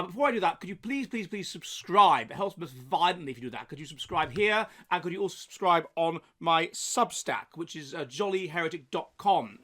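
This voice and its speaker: Guy with a highish voice doing a solo commentary, punchy emphasis, lots of ums and restarts. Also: fairly bright tone. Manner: emphatic, with frequent hesitations and restarts. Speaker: host.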